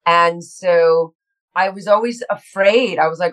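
A middle-aged woman guesting on an interview podcast tells animated stories. She jumps into her own panicked inner voice, stumbles over restarts and laughs easily. Her voice sits at an ordinary pitch. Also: slow, poor audio. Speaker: guest actress. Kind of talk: casual interview chat.

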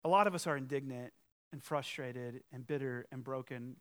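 A man's voice: medium pitch, fairly even intonation, moderate pace. A male pastor preaching a sermon, emphatic, with conversational asides and rhetorical questions. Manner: emphatic, swings from loud challenge to quiet earnest appeal.

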